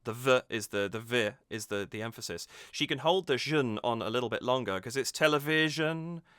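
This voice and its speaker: A man talks through a song's craft in a relaxed, analytical way, pausing and rephrasing as he thinks. His voice is bright and smooth. The recording is dry and close, with no room sound. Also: mid-range voice, no room sound. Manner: thoughtful, restarts mid-sentence, analytical. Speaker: music reaction host. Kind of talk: casual music analysis.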